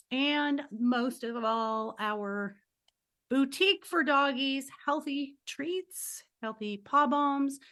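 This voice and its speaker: A woman hosting a podcast, her voice sitting a little high. She chats casually and tells stories with animated quoted voices, then wraps up with an upbeat, promotional sign-off. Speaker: podcast host and life coach. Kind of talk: casual interview chat.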